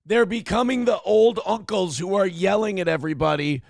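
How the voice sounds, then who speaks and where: Male stream host, slightly high gravelly voice, dry close sound, snarky reactions. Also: normal speed, a little mellow, no echo. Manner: sarcastic, profane asides. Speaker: livestream host. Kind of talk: casual reaction commentary.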